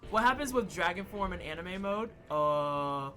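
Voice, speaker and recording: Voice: medium pitch, lively intonation, unhurried, bright, forceful tone. A streamer chatting casually while playing a game live, swearing and trash-talking enemies, with game music behind.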